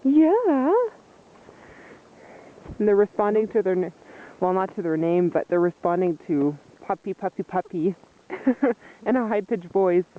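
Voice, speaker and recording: A woman filming her puppies outdoors in the snow, chatting casually and cooing at them in a high sing-song voice. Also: normal speed. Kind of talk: casual video narration. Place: outdoors in snow and slippery weather. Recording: tinny lo-fi phone-like sound.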